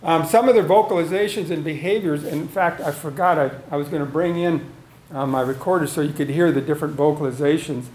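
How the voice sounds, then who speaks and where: Man, biologist lecturing a live audience in a casual storytelling way, voice pitched a bit high, roomy echo. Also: fairly quick, a little mellow. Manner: conversational, tells field stories and asks the audience questions. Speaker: wildlife biologist giving a lecture. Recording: echoey room sound.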